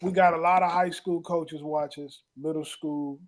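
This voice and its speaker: A man hosting a casual show as a coach, laughing and giving folksy, loud advice. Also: a little high, steady tone, moderate pace. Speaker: host and coach.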